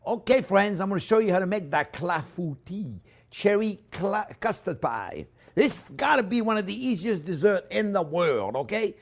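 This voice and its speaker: Effusive chef, lively pitch. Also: male voice, moderate pace, vocal fry. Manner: effusive, croons "oh yeah, baby" to the food; often drops to soft murmurs over the dish. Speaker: cooking show host. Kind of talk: casual cooking demonstration.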